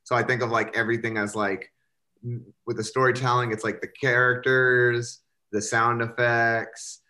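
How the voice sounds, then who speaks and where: A man's voice: medium pitch, little pitch movement, moderate pace, bright, forceful tone. A male comedian guest on a podcast, chatting casually in a rambling way, with lots of "like" and frequent laughter. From United States. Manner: rambling, many fillers, laughs often.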